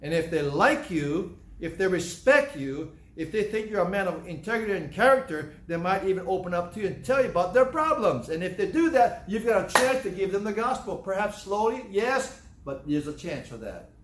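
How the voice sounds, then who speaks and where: A male pastor delivering a sermon, conversational but breaking into loud emphatic bursts. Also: high-pitched, sing-song, normal speed, hardly any pauses. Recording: echoey room.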